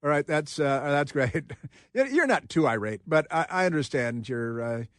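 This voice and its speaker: A man's voice: on the high side, animated, moderate pace, no echo, clean studio sound. A man hosting a political talk radio show, emphatic and rambling, laughing often. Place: radio studio. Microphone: studio microphone.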